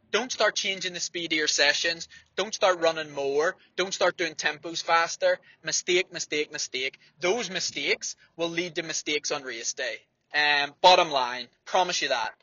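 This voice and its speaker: Blunt, sharp-voiced man. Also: on the high side, husky, no echo, muffled recording. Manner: blunt, swearing, fired-up. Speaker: distance runner giving training advice. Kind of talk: motivational monologue.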